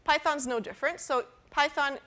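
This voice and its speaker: A woman's voice: high voice, moderate pace, bright, forceful tone. A woman lecturing a university class on programming, explaining step by step with fillers and restarts. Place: lecture hall.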